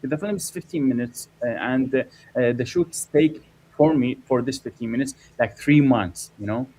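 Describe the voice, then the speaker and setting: Halting filmmaker. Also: male voice, medium pitch, warm tone, a little hiss or hum, rough recording. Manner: halting, many fillers and restarts. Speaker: documentary filmmaker. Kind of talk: interview answers.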